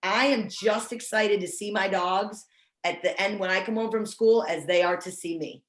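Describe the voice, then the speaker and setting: A woman's voice: medium pitch, moderate pace. Woman, dog trainer, casual video-call chat, roomy sound. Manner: chatty, self-deprecating, restarts often. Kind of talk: casual online training talk.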